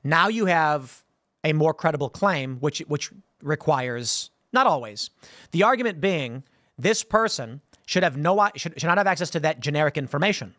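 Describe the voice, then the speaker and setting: A man's voice: a little high, animated, moderate pace, a bit bright, dry recording, clean studio sound. A man hosting a commentary show, talking off the cuff in a casual monologue and often restarting and repeating words as he goes.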